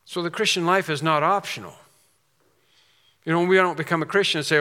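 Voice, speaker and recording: A man's voice: a little high, a little fast, long pauses, pushed and bright, in a large hall. A man preaching a sermon as a pastor, earnest and emphatic, with storytelling asides.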